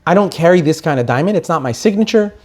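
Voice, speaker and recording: A man voicing a calm male jeweler appraising a ring. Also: a little high, fast talker. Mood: admiring.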